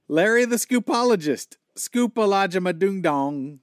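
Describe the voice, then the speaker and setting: A man trading puns on a comedy podcast in a slightly raised voice, playful and fast with wordplay. The sound is dry and close to the mic. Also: sits high, expressive, no echo. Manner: quick punning wordplay. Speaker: podcast co-host. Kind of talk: joking podcast banter.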